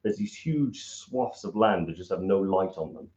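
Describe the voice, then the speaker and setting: A Welsh man with a Newport accent, co-hosting a trekking talk, chatty and jokey with quick asides. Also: low voice, expressive, a little mellow, lo-fi sound. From Wales. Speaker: co-host for a trekking trip company. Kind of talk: casual chat and travel advice.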